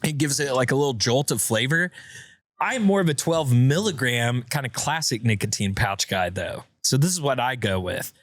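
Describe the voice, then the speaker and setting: A man's voice: medium pitch, expressive, normal speed, a bit bright, dry recording, studio quality. A man hosting a podcast, talking in a laid-back, rambling way and reading an ad. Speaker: podcast host. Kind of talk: casual chat with an ad read.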